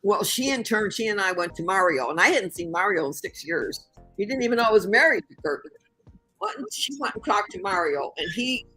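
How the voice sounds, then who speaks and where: An older woman from the Chicago area, a guest in an interview, telling a story with lively acted-out voices. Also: mid-range voice, brisk, slightly rough, faint music behind, rough recording. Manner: animated storyteller who acts out the voices in her story.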